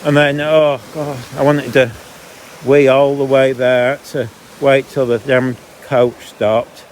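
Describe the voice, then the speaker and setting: A man's voice: mid-range voice, little pitch movement, slow pace, a little hiss or hum. A man chatting and grumbling as he walks dogs along a canal path outdoors, often breaking off mid-sentence. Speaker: vlogger. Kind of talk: casual walking vlog monologue.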